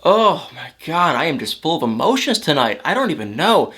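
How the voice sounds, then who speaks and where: A man's voice: a little high, very animated, moderate pace, a bit bright, slightly rough. A man recapping a reality show in a casual vlog, chatty and emotional, full of fillers and repeated words. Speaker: reality TV commentator.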